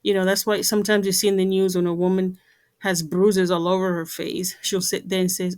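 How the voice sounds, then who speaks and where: A woman's voice: mid-range voice, steady tone, fairly quick, a little mellow. Brief: woman vlogger, earnest and heartfelt, circles back to her points, lots of "you know". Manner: earnest, repetitive, many fillers. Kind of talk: earnest talk to camera.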